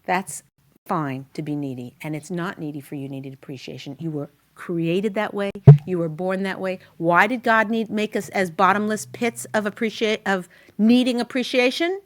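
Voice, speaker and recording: A woman hosting a talk show and giving marriage advice to a guest in an animated, chatty, emphatic way. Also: medium pitch, moderate pace.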